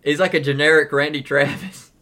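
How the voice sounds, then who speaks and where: A man's voice: a little high, fairly even intonation, pushed and bright. A man in an improvised comedy skit who teases the others and laughs a lot. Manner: teasing, laughing, quick jabs.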